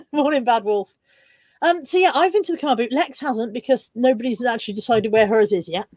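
A woman's voice: a little high, a little fast, darkish tone, dry recording. A woman hosting a casual live stream from home, chatting and reading out viewer comments. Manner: chatty, reads out viewer comments with bursts of laughter.

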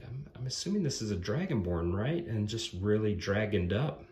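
A man's voice: lowish voice, expressive, moderate pace, hardly any pauses, reverberant, slight background noise. A man chatting through an unboxing, often dropping into awed whispers. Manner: slips into hushed whispers of awe. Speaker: vlogger unboxing a gift. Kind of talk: excited unboxing chat.

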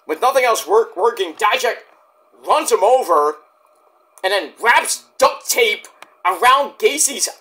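A high, bright-voiced man recaps wrestling matches in a loose, rambling way. He swears freely, throws in jokes, and his pitch jumps all over the place. It comes across as relaxed, off-the-cuff chat. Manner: rambling, swearing, jokey asides. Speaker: wrestling show reviewer. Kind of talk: casual spoken review.

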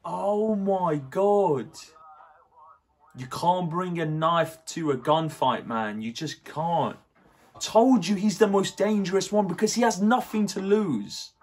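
A young man reacting to a film in a husky, breathy voice that sits a little high for a man. He talks slowly, swears freely and fills his sentences with "like," as he gets carried away by the scenes. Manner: excitable, swearing, lots of fillers. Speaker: movie reaction host. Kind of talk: casual movie reaction commentary.

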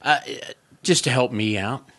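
A male comedian telling stories in a casual podcast chat. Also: measured pace. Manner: loud laughing, does high mocking voices in quotes. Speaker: comedian guest.

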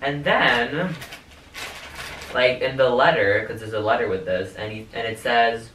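A man's voice: medium pitch, normal speed, a bit bright. A young man vlogging casually in his bedroom, rambling and swearing with lots of fillers, caught on a hidden camera. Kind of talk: casual vlog talk. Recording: echoey room, far from mic, faint hiss.

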